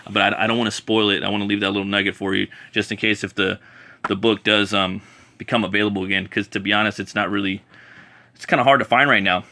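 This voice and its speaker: A man reviewing comic books in a casual vlog, enthusiastic and rambling, often stalling on fillers and restarting his sentences. His voice is lowish in pitch but bright and forward. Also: fairly even intonation, fast talker, slight background noise.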